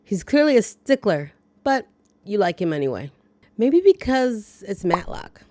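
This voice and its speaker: A woman's voice: mid-range voice, very animated, a little slow, warm tone, dry recording. A woman hosting a casual movie recap, chatty, with playful asides and reactions to the story. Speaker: movie review host.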